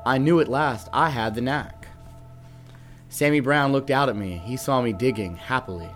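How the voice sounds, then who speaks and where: A young man reading a rhyming children's picture book aloud at a steady, rhythmic pace. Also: mid-range voice, normal speed, faint music behind. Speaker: guest reader, band musician.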